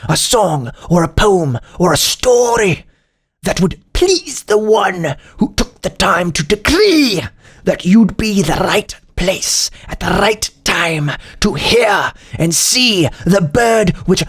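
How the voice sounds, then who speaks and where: A man voicing a pompous old British pipe-smoking gentleman in a raspy, theatrical reading. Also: high voice, voice pushed up, exaggerated voice. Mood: grandiose. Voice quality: raspy, gravelly put-on voice. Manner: grandiose, theatrical, drawn-out reading. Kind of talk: mock reading of comments aloud.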